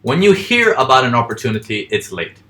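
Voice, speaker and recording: A man's voice: mid-range voice, big pitch swings, sharp tone. A man teaching forex trading in a casual lesson, asking questions and answering them himself. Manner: acts out panicking traders in quick voices. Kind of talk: casual live teaching over charts.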